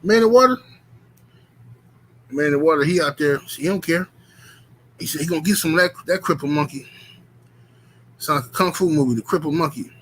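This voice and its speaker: A man casually telling a profane, rambling story to his stream chat, animated and full of filler words. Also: a little high, brisk, pauses often, a little hiss or hum, low-quality recording.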